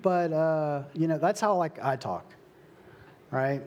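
Young guy pastor giving a sermon, high voice, takes his time, lots of dramatic pauses. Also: darkish tone. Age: young adult. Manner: slow, emphatic preaching with dramatic pauses.

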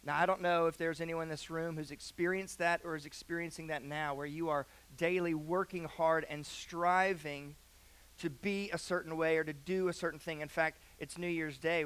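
A young man preaching a sermon in a church, moving from a hushed prayer into earnest personal storytelling. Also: on the high side, clean tone. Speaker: pastor. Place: church sanctuary.

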